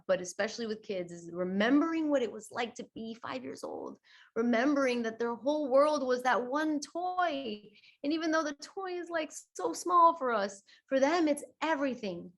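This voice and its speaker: A woman yoga teacher talking in a podcast interview, chatty and expressive, acting out quoted voices with big swings. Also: a little high. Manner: chatty, many fillers like "you know" and "right". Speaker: guest yoga teacher and teacher trainer.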